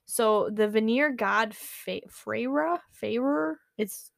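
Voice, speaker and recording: A woman's voice: a little high, takes it slowly, creaky, no room sound. A woman chatting casually as a podcast co-host, filling her talk with "like" and "um" and laughing often. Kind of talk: casual chat.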